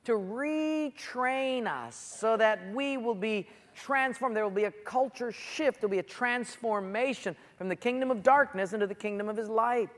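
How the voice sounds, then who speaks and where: A preacher delivers a sermon in a medium-pitched voice, acting out a Bible story with lively asides and sound effects. The voice carries a long reverb, as in a large church hall. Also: normal speed, hardly any pauses.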